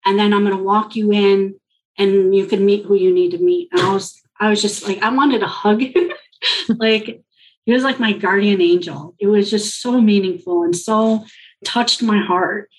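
A woman from Colombia, a guest in an interview, earnestly and reflectively telling a personal story and quoting others in lively reported speech. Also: medium pitch, moderate pace, low-quality recording.

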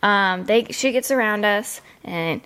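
A woman's voice: mid-range voice, measured pace, fairly bright tone, smooth. A woman co-hosting a casual podcast, telling a story with lots of fillers and giggles. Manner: rambling, filler-heavy, giggly. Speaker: podcast co-host.

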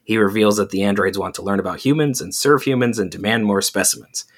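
A man co-hosts a casual chat podcast. His voice is fairly low and a little husky, and he rambles through his points, filling gaps with "like". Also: fast. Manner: rambling, frequent "like" fillers. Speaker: podcast co-host.

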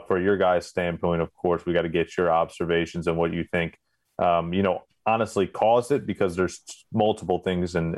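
Deep monotone guy hosting a sports podcast, dry close mic, rambling run-on sentences. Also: no echo. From Philadelphia. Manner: talks in run-on sentences with restarts. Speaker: podcast host.

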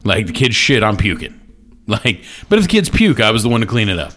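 A man's voice: lowish voice, sing-song, fairly quick, a bit bright. A man co-hosting a casual chat, laughing often and joking crudely. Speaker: podcast co-host.

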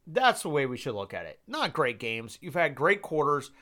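Speaking at a moderate pace in a slightly high, sing-song voice that sounds pushed and bright, a young podcast host rattles off casual football picks. He rambles, sounds fed up, and swears casually.

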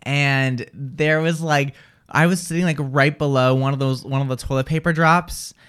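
A young man chatting on a morning radio show in a mid-range voice. He tells his stories with plenty of animation and switches into high voices to act out other people. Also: normal speed, smooth. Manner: animated storyteller acting out voices. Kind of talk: casual radio chat.

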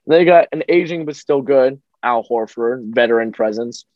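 A man co-hosting a casual sports chat, upbeat and quick with jokes and asides. His mid-range voice sounds dry and close, with a slightly dull, lo-fi home recording. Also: mid-range voice, darkish tone, no room sound. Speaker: podcast co-host. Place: small home room.

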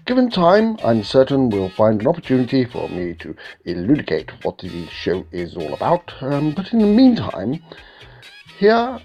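A man's voice: mid-range voice, huge pitch swings, moderate pace, mellow, highs cut off, faint music behind, pitched above the performer's own voice. A man playing a snobby, stuffy radio presenter in an overly formal, pompous manner.

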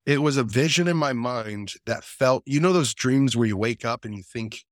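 A man's voice: mid-range voice, moderate pace, no room sound, studio quality. A man, a podcast guest, telling a personal story in a casual, earnest way and acting out the voices of the people he quotes. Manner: earnest and animated, acts out quoted dialogue.

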